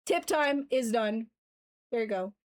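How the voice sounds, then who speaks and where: High-voiced chatty woman streamer. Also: expressive, measured pace. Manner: chatty, jokey, swears freely. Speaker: livestreamer sculpting digital art. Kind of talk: casual chat while demonstrating software.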